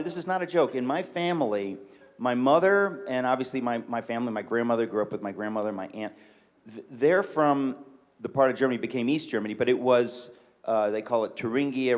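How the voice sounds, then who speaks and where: Middle-aged new york guy cracking jokes on a church stage, regular mid-pitch voice. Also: brisk. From New York City. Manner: joking, animated storyteller. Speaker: guest author. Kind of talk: casual chat. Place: church stage before an audience.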